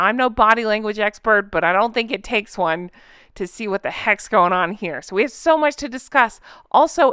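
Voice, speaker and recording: A woman's voice: mid-range voice, vocal fry, sharp tone, clear, resonant tone, dry recording, studio quality. A woman hosting a gossip commentary vlog, talking straight to her viewers with sarcastic, mocking asides and lots of rhetorical questions. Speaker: commentary vlogger. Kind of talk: chatty gossip commentary to camera.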